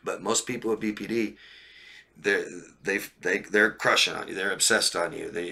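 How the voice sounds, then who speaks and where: Gravelly guy coach answering viewer questions live, blunt, keeps going "right?", bright edgy tone. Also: low-pitched, moderate pace. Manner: blunt, repetitive, asks "right?" and "okay?". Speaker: relationship coach.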